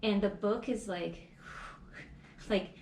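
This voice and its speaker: A woman's voice: medium pitch, darkish tone, slight background noise. Middle-aged woman co-host, echoey room. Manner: reactive, gasps and quick interjections, heated when ranting. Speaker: podcast co-host. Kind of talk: casual chat.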